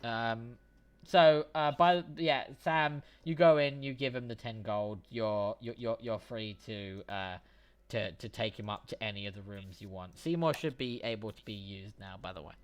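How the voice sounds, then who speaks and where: A man's voice: lowish voice, moderate pace. A man narrating as game master in a casual, laughing way.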